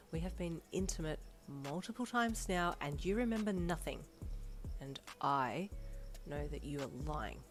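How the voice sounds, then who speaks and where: A woman's voice: fairly low pitch, natural voice. A woman voicing a stubborn, hurt young woman in a fanfiction audio reading, speaking in a raised, emphatic way. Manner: urgent, raised, emphatic speech.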